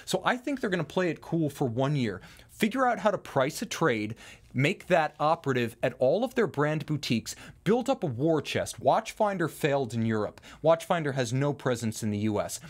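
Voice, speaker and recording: A middle-aged man with a New York accent hosting a live watch talk show, talking in brisk, emphatic runs of lists. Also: medium pitch. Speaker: host.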